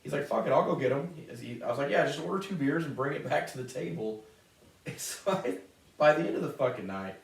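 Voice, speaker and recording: A man's voice: on the high side, lively intonation, brisk. A man co-hosting a casual wrestling talk show, telling stories and teasing his co-host with lots of swearing. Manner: profane, teasing banter. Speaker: podcast co-host. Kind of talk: casual chat. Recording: roomy echo, distant mic.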